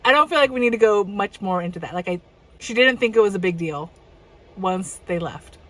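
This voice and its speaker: A woman's voice: medium pitch, lively intonation, fairly quick, a bit bright. A woman hosting a reaction video, chatting casually and thinking aloud with hedging asides.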